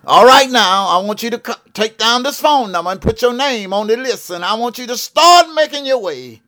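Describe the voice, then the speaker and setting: His very high voice is expressive, pushed and bright, at normal speed. The speaker is a televangelist prophet in his seventies from Georgia, Southern-accented, making a fervent appeal in a broadcast studio. Preachy and repetitive, he leans on "what I'm saying" and calls out "yes ma'am, yes sir."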